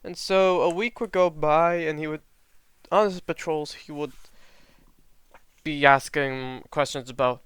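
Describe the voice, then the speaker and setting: A man's voice: a little high, unhurried, a bit bright, clear, resonant tone, no room sound. A young man casually telling a made-up fan story, jokey and swearing now and then.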